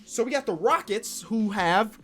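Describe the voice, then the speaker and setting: A man giving excitable gaming commentary as a basketball YouTuber, now and then bursting into loud shouts. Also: high-pitched, normal speed, soft background music.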